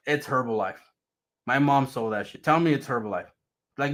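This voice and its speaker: A man's voice: medium pitch, normal speed, long pauses. A man casually telling a personal story, swearing freely and laughing often. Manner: profane, animated, laughs often.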